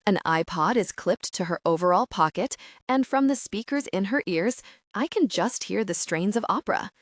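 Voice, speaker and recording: A woman narrating a first-person audiobook in an animated, expressive way, with her pitch moving freely. Her voice sits mid-range for a woman. The close studio recording is dry. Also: normal speed, dry recording.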